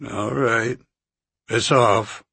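A guarded, wary country doctor speaks in a deep, unhurried drawl, voiced by a man reading an audiobook. The voice is husky and raspy. The recording is close and dry, with no room sound. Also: fairly even intonation, bright, forceful tone, dry recording, full character voice. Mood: gruff. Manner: slow, stubborn, guarded. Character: drawling, suspicious older male country doctor.

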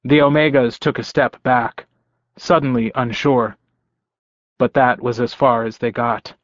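Male audiobook narrator, even and plain, dry muffled recording. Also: mid-range voice, measured pace, no room sound. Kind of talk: first-person fiction narration. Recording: dry, dull close-mic recording.

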